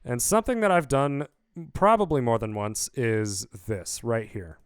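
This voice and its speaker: Man, musician walking through his own track, chatty and upbeat with fillers, smooth voice on a close dry mic. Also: medium pitch, measured pace, dry recording. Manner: rambling, upbeat, lots of fillers. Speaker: musician explaining his song. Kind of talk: casual video breakdown. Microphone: studio vocal mic.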